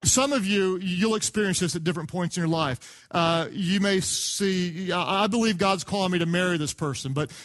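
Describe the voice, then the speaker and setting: A man preaching a sermon, an animated storyteller who acts out the voices of the people in his stories. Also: sits high, normal speed. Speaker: pastor. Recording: sermon clip played from archive.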